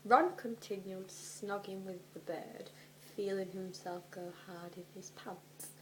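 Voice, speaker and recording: A young woman doing a comedic dramatic reading, animated and sweary, often dropping into whispers for her asides. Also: mid-range voice, slow, a little hiss or hum, rough recording. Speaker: vlogger.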